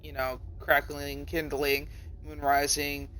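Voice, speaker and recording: A young male streamer with a bright, forceful voice reads a story aloud on stream and stops often to react. He swears freely, and he breaks into high, panicked cries when the story gets wild. His voice sits a little above the usual male range. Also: monotone, slow, slight background noise.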